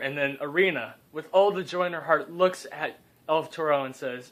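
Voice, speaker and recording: A man's voice: on the high side, normal speed, a bit bright. A young man improvising a comedic story, rambling and cutting in with joking asides.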